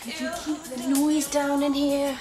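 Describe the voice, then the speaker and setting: An actress playing an irritable young sister in a TV soap, sharp and needling. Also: female voice, sits high, flat delivery, a little slow, music in the background. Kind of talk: TV soap drama.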